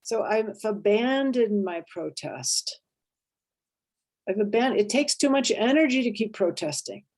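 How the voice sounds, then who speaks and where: A woman therapist leading an interactive workshop, lively and expressive, acting out inner voices and checking in with her listeners. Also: medium pitch, measured pace. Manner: animated, acts out inner voices and checks in with "right?".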